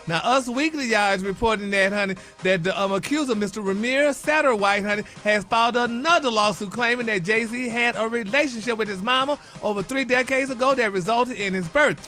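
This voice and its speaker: A man's voice: very high-pitched, pushed and bright. A man delivering celebrity gossip on a radio show in a sassy way, peppering his lines with "y'all" and "honey". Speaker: celebrity gossip segment host.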